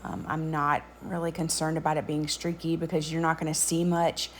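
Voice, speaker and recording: A woman narrating a craft tutorial voice-over in a relaxed, chatty way with frequent ums. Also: deep voice, moderate pace, slight background noise.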